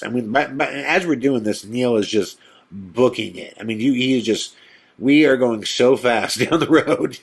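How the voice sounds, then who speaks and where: A man hosting a podcast, telling a tense personal story in a casual, animated way and acting out the quotes. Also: moderate pace, gravelly, slightly rough. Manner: animated storyteller, acts out quotes in a whisper and excited high voice. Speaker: podcast host.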